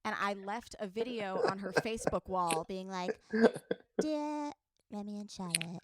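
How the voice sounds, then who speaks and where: A woman's voice: mid-range voice, normal speed. A woman of thirty, a comedian hosting a podcast, telling stories in casual chat and slipping into quoted voices. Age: 30s. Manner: animated storytelling with quoted voices.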